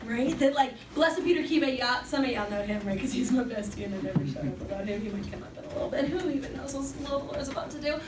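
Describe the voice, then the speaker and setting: A woman's voice: sits high, lively intonation, fast, hardly any pauses. A woman speaking to young people at a Catholic summer program, casual and joking as she preaches. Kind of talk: faith talk to young people. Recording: echoey room, distant mic, background noise.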